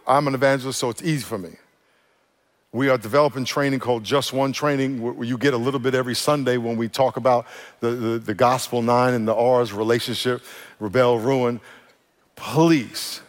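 A male pastor preaching a sermon with energy and humor, often getting the congregation to repeat words after him. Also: medium pitch. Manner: energetic, joking, leads congregation call-and-response. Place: church auditorium. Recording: long reverb of a church hall.

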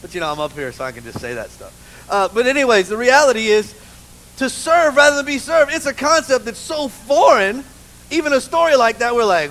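A man preaching a sermon in church, an animated, humorous storyteller who keeps saying "you know". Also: very high voice, fairly quick, low-quality recording. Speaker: pastor. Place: church with a live congregation.

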